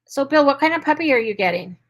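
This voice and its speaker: A woman's voice: high-pitched, lively intonation, fast talker, low-quality recording. A woman dog trainer hosting a casual live Q&A and answering viewer questions in a chatty way, with lots of "um" and "like". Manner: chatty, with frequent "um" and "like".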